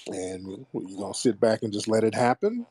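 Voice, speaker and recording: A man's voice: fairly low pitch, very animated, moderate pace, dark tone, slightly rough. A man hosting a call-in radio show, questioning a caller in a teasing, mocking way.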